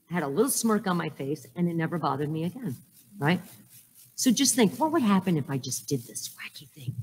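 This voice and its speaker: Joking woman in an echoey hall. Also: on the low side. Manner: joking storyteller, frequent "right?". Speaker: conference speaker. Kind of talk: humorous talk. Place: conference hall. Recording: echoey hall with long reverb.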